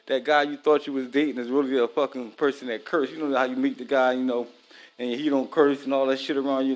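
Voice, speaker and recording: A man's voice: medium pitch, darkish tone. Profane married man chatting while cooking. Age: adult, married. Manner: loose, profane, talks straight to viewers. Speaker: vlogger. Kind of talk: casual chat while cooking.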